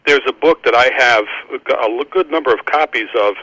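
A man's voice: medium pitch, no echo, poor audio. A man hosting a casual conversation about Christian books, talking with many restarts and repeated words. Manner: halting, many restarts, warm laughter. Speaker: Christian book publisher and podcast host.

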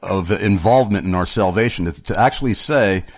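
A man's voice: sits low, brisk, no room sound. A man hosting a casual theological discussion, earnest and argumentative, often restarting his sentences.

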